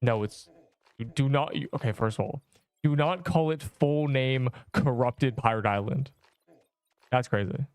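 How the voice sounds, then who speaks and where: A man's voice: medium pitch, a little slow, darkish tone, clear, resonant tone, no room sound. A young man chatting on a game livestream, rambling in slang and joking with mock outrage at his chat. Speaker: game streamer.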